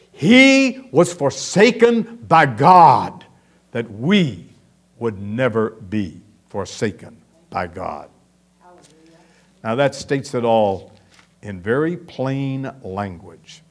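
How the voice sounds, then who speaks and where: A man preaching a sermon to a congregation, emphatic and building to loud peaks as he reads scripture and asks the audience questions. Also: mid-range voice. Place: before a live congregation.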